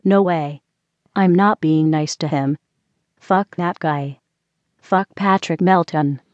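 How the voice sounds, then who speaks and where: A man's voice: on the high side, slow, dry recording, voice pushed up. A man voicing a profane, hotheaded female computer sidekick. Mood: defiant. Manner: profane, ranting, petulant. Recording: dull lo-fi recording.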